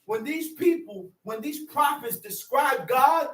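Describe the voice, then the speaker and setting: A high-voiced man preaching with fire, rising into shouts and circling back on the same phrases. His voice rings around an echoey room. He sounds set back from the mic. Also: lively intonation, slow pace, far from the mic. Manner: shouts emphasis, repeats phrases, call-and-response. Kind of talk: fiery sermon teaching.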